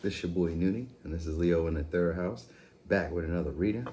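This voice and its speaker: This tarot reader and channel host speaks in a low, dark-toned voice at a fairly quick clip, slight noise behind him. He runs a relaxed pick-a-card reading from home at night, talking in slang, and he's an adult with a daughter of school age.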